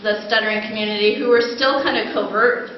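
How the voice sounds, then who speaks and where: A woman's voice: mid-range voice, fairly even intonation, fairly quick, slight background noise. A woman who stutters, speaking at a conference about her life, with speech and repeated words and restarts. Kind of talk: personal talk about stuttering. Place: large echoey conference hall. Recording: echoey, dull lo-fi hall recording.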